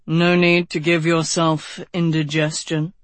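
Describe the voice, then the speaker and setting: An audiobook narrator voicing a calm, blunt, world-weary knight who talks dryly and frankly, a bit lower than the narration. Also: no room sound, lightly acted. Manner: dry, unhurried, frank.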